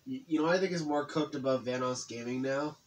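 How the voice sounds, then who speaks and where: A chatty young man co-hosts a let's play with his friend. He reacts fast and excitedly, tossing in casual remarks and curses as he watches the game. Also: mid-range voice. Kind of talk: casual gaming commentary.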